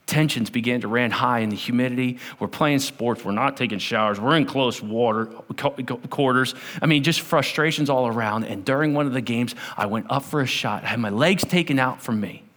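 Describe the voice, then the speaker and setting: A man preaching a sermon as pastor, telling stories and swinging from loud to hushed. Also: mid-range voice, brisk, few pauses. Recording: long hall reverb.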